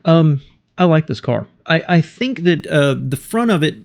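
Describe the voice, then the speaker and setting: Gravelly chatty man hosting a car vlog. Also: on the high side, expressive, measured pace. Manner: chatty, opinionated, thinks aloud. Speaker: car video host. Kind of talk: casual reaction commentary.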